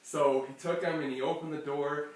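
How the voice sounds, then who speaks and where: A storyteller spinning a lively bedtime tale for a child, laughing often and acting out sound effects along the way. The voice sits at an ordinary pitch. It is picked up from across a strongly echoing room, with faint noise behind it. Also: moderate pace. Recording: echoey room, distant mic, faint noise.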